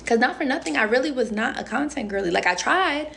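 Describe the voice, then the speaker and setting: Fast-talking and expressive, a young reality show contestant livestreams on her phone in a high-pitched, somewhat bright voice with vocal fry. She answers viewer comments in a rambling, playful way, heavy on "um" and "like," with slight background noise.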